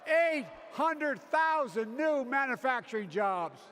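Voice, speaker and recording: A man's voice: sing-song, slow pace. A man delivering a convention speech with emphatic, rallying oratory. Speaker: politician giving a speech. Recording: booming hall reverb, faint noise.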